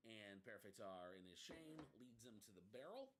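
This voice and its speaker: A man's voice: on the low side, normal speed, background noise. A young man co-hosting a casual chat, animatedly retelling a story with laughs. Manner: animated retelling with put-on quoted voices and laughs. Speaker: podcast co-host.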